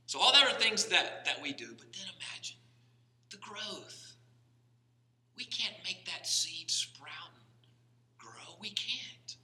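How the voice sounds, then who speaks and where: A man's voice: a little high, big pitch swings, measured pace, long pauses, pushed and bright. A man preaching a sermon as pastor, talking conversationally with frequent restarts and rising to emphatic stress. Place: church sanctuary. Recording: echoey church hall from far off.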